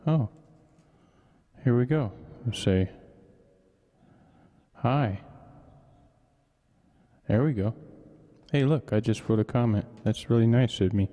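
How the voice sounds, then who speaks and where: A man's voice: mid-range voice, moderate pace, warm tone, big-room sound. A man casually chatting on his own live stream, rambling and joking, often tacking on a mock "eh". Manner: rambling, jokey, tacks on a mock-Canadian "eh". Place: home studio.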